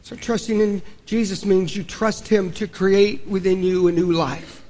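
Male pastor, high voice, casual storytelling sermon delivery. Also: fairly even intonation, measured pace, hardly any pauses. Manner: folksy storytelling preacher, dropping low and quiet for solemn points.

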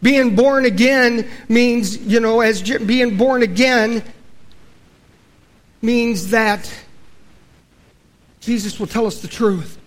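A man preaching a sermon in a folksy, storytelling way, dropping low and quiet for solemn points. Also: slow pace, long pauses. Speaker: pastor.

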